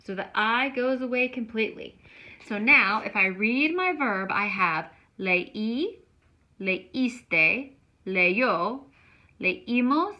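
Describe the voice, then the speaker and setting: A woman's voice: fairly high pitch, pushed and bright, rough recording. A woman teaching a grammar lesson, explaining each step patiently. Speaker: Spanish teacher.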